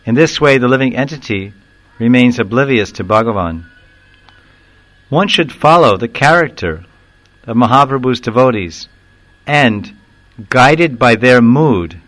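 A man giving a devotional discourse, explaining verses and telling a story in an animated way, now and then acting out the people in it. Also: mid-range voice, poor audio. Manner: animated storyteller who acts out quoted voices and chuckles; recites Sanskrit verse slowly, then explains it. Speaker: spiritual teacher.

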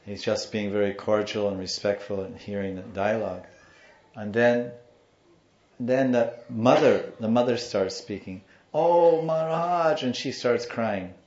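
A man's voice: fairly low pitch, unhurried. A man giving a devotional talk as a spiritual teacher, telling stories and acting out the people in them. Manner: animated storyteller, acts out the people in his story. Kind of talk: devotional storytelling lecture. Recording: dull roomy recording.

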